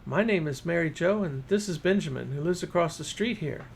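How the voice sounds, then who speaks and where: A man's voice: on the high side, a little fast, vocal fry, slight background noise, pitched above the performer's own voice. A man doing an eager, curious young girl. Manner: eager, questioning.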